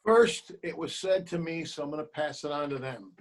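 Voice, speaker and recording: Brief: male guest on a video call, lively storyteller, slightly high voice. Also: moderate pace, low-quality recording. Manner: animated storyteller, acts out quoted voices. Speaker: actor and producer, guest. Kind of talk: remote interview, storytelling advice.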